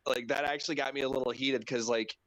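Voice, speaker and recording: A man chatting casually on a wrestling podcast, loose and profane, often jumping into high mock voices to act out what others said. His mid-pitched voice is recorded close and dry, with no room sound. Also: steady tone, fast talker, a bit bright, no echo. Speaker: podcast co-host.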